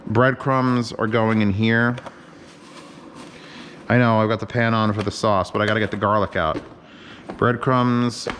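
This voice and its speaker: A man's voice: lowish voice, steady tone, a little slow, long pauses, a bit bright, slight background noise. A man hosting a casual cooking vlog from his home kitchen, rambling and joking with plenty of swearing as he works. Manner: joking, profane, rambling commentary. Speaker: home cook host.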